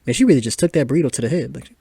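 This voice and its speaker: A man's voice: mid-range voice, lively intonation, rapid-fire, vocal fry, dark tone, husky, no room sound. A young man riffs through a casual movie commentary, laughing often and tossing in "like" every few words. His mid-range voice swings up and down a lot, and the close podcast mic sounds dry. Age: 20s. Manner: chatty, laughing, filler-heavy. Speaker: podcast host.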